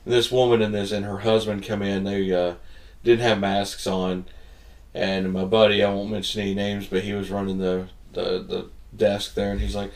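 Guy cohosting a podcast, tells stories loud and lively, does little voices, kinda low voice, echoey room a bit off mic. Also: normal speed, far from the mic. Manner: animated storyteller, acts out voices, laughs a lot. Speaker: podcast co-host. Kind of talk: casual chat, storytelling.

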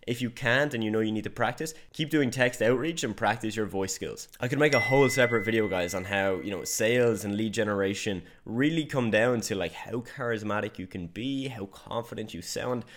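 A male business coach delivering an online lesson in a frank, conversational way. He speaks with a slightly low voice. He deliberately moves his tone up and down and leans on key words. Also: noisy background. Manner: direct, emphatic, conversational, varied tonality. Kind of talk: online course lecture.

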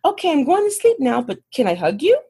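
A woman voicing a tipsy, flirtatious Swedish woman in a put-on Swedish accent, pitched high and sing-song. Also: big pitch swings, fast talker, warm tone. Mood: flirty tipsy.

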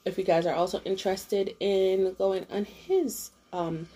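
A young woman chatting casually as a podcast co-host, her voice sitting at an ordinary middle pitch. She talks in an animated way and often laughs through her stories. The delivery is loose and conversational. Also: unhurried. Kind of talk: casual chat.

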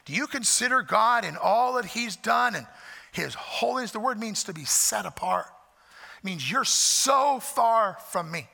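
Man, emphatic sermon, high pitch, long hall reverb. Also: lively intonation, measured pace, gravelly. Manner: emphatic, swells loud on repeated phrases; folksy asides. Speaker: pastor.

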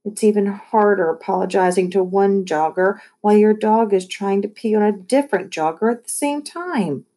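A woman reading a children's chapter book aloud, lively storytelling with voiced asides. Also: medium pitch, moderate pace. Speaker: audiobook reader.

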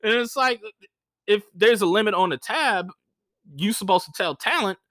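A young adult man, a stand-up comedian, telling gig stories on a podcast in a casual, animated way, swearing freely and acting out the people he quotes. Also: normal speed, dry recording, clean studio sound. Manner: animated, swears freely, acts out quoted voices with big pitch jumps.

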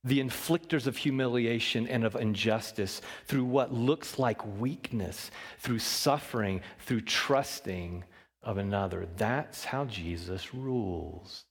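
A man preaching a sermon, shifting between loud emphasis and hushed low lines and asking the congregation questions. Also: takes it slowly, breathy edge, big-room sound. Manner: talks with the congregation, asks them questions. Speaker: pastor.

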